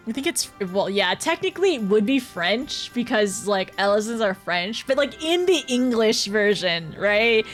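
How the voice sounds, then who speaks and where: A young woman streams a game and chats with her viewers, bubbly and quick to giggle. Her voice sits on the high side, and faint music plays underneath. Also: very animated. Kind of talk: casual live-stream gameplay chat.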